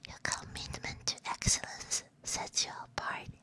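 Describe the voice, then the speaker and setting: Here a young woman VTuber, a little slow and sharp-toned, giggles and whispers through playful role-play prompts she reads aloud. Chinese and Japanese phrases slip in, and the mic is a binaural 3Dio.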